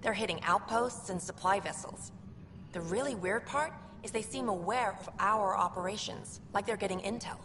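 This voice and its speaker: A woman's voice: medium pitch, moderate pace, in a large hall, background noise, lightly acted. An actress voicing an earnest young woman working as a station comms officer, eager and confiding as she talks.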